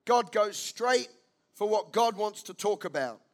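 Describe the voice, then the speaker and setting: A man's voice: sits high, animated, measured pace. A man preaching a sermon as pastor, emphatic, repeating key lines and asking his listeners questions.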